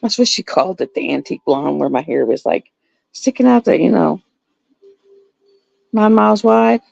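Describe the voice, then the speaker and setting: A middle-aged woman tells a story on a livestream, and her voice jumps all over the place. It sits fairly high, with a gravelly edge. The sound is dull and lo-fi, with no room echo. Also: moderate pace. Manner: animated storytelling with laughs. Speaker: livestream host. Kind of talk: casual chat.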